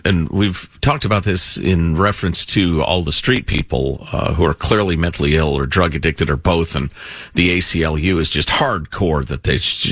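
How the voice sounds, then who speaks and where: A man co-hosting talk radio with a very deep voice. He adds short, measured remarks to the casual chat. The recording is close and dead. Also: fairly bright tone, breathy edge, no room sound.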